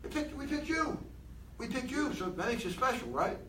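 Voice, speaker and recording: A man giving an animated motivational talk to a room of people, asking them many questions. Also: very high voice, moderate pace, roomy sound, far from the mic, a little hiss or hum, poor audio. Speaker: motivational speaker.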